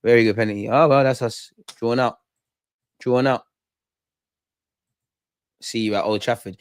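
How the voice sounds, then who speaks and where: A man's voice: medium pitch, steady tone, measured pace, long pauses, clean tone, no echo. A young man hosting a live football watch-along, heckling penalty takers and ranting casually. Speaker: football fan channel host.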